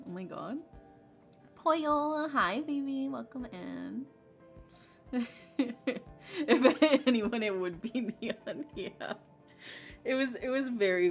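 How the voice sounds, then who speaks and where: Chatty woman streamer, rambling and bubbly, with a gravelly edge over soft background music. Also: on the low side. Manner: bubbly, rambling with many fillers. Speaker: game streamer. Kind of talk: casual livestream chat.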